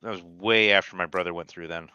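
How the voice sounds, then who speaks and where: A man's voice: low-pitched, steady tone, fast, sharp tone, clear, resonant tone, highs cut off. A man in casual chat who teases the others with blunt jabs.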